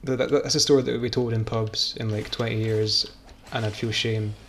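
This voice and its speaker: A man's voice: on the low side, little pitch movement, a little fast, slight background noise. A man streaming a game, rambling and joking in casual, self-mocking commentary. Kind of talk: casual commentary while gaming.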